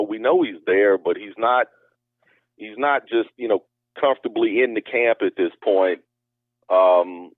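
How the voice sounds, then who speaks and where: A man's voice: deep voice, dry recording. A man telling a story as an interview guest in a loose, rambling way, heard over a tinny phone line. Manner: rambling, many fillers and restarts. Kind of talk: casual storytelling.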